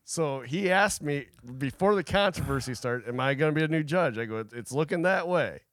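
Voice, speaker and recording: Podcast guy, bit high and lively voice, keeps restarting his sentences, dry mic. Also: moderate pace, no room sound. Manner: defensive, joking, restarts a lot. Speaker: podcast co-host and event organizer. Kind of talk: casual banter. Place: studio.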